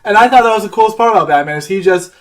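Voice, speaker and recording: A man co-hosting a podcast in casual chat, excitable and swearing freely. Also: high-pitched, very fast, distant mic. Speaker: podcast co-host.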